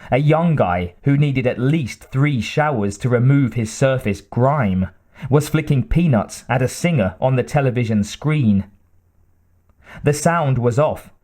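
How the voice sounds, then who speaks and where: A man narrating an audiobook in a measured, dramatic way with deliberate pauses. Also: mid-range voice, a little mellow.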